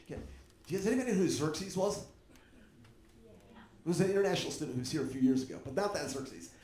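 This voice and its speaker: A man preaching a sermon, animated and joking with the congregation. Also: fairly high pitch, a little fast, reverberant. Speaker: pastor.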